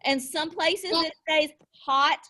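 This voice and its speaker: A middle-aged woman teaching young children over a video call, slow and sing-song, encouraging them with little gasps of delight. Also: high voice, steady tone, sharp tone. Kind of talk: online class lesson for young children.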